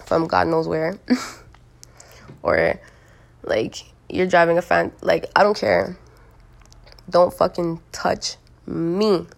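Gravelly, hoarse young woman ranting bluntly. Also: fairly low pitch. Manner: blunt, profane, emphatic, with many likes and you-knows. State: hoarse from smoking. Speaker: solo monologue recorder. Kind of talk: rambling casual monologue.

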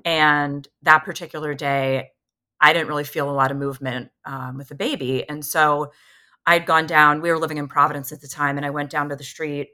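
A woman in her thirties, a podcast guest, telling a personal story candidly and acting out what others said. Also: low voice. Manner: candid, animated retelling that acts out what others said.

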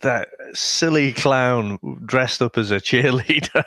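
A UK man co-hosts a podcast, casually telling stories, laughing, and restarting his sentences. His voice is medium-pitched and fairly bright, delivered slowly, with studio-quality sound and no echo.

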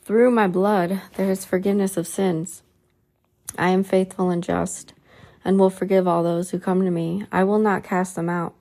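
A woman reading the lines of Jesus as a gentle, solemn man in a storybook reading. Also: lowish voice, little pitch movement. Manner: slow, soft and solemn.

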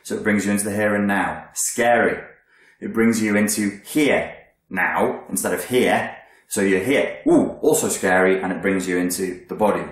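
A man's voice: lowish voice, moderate pace. A man coaching listeners on their emotions in a blunt, profane, emphatic self-help monologue. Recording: very echoey room.

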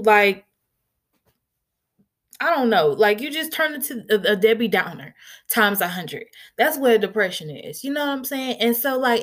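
A young woman vlogger talking candidly and earnestly in a conversational way, with frequent filler phrases. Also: on the high side. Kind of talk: candid personal talk.

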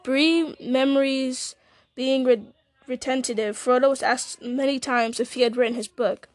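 A woman reading a novel aloud, steady, with small slips and restarts. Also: sits high, unhurried, no room sound. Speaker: audiobook reader.

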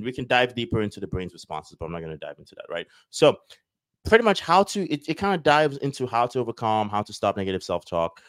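A fast-talking man with a fairly low voice, rambling as he explains things to his viewers. He acts out little everyday scenes in quick voices, and the sound is dry and close. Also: dry recording. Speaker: self-help video host. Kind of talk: casual teaching talk to viewers.

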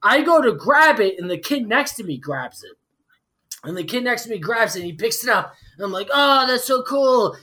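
A man in his forties, a few drinks in, spins a story as a podcast guest, swearing freely and leaning on fillers. His pitch leaps around a lot. His tone is bright and edged. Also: fairly quick. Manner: profane, animated storytelling with lots of fillers. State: tipsy from drinking. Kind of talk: casual storytelling.

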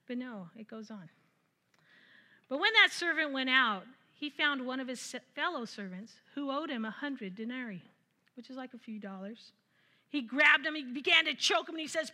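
A woman preaching a conversational sermon, retelling scripture with lively asides and frequent laughter. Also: a little high, moderate pace.

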